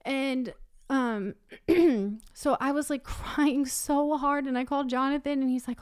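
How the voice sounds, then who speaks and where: A woman's voice: high voice, steady tone, a little slow, darkish tone, dry recording, studio quality. Chatty woman telling an emotional story. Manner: emotional storytelling, many fillers. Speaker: guest telling a personal story. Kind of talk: casual chat.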